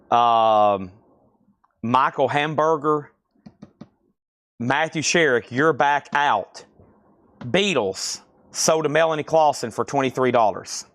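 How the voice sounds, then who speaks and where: A man's voice: a little high, fairly bright tone, no room sound, clean studio sound. A man hosting a live record-sale stream, reading out items, prices and bids in a chatty, self-deprecating way.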